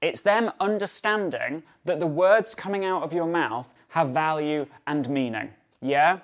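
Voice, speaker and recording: A man's voice: fairly high pitch, measured pace. A man hosting a solo dog-training podcast, talking in a chatty way with many fillers and tag questions. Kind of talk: casual solo podcast talk.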